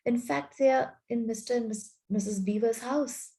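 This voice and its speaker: A woman's voice: on the high side, normal speed, warm tone, close to an everyday voice, low-quality recording. A woman voicing an eager, nervous young boy who pleads with a breathless delivery. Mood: eager pleading.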